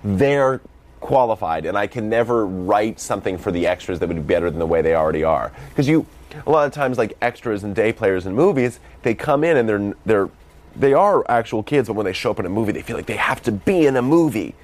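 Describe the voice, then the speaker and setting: A young man with a very low voice and a light Boston accent talks in a loose, rambling way, full of "like"s. He is self-deprecating and casual as an interview guest. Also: expressive, brisk. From Massachusetts, USA. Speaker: film director and comedian guest.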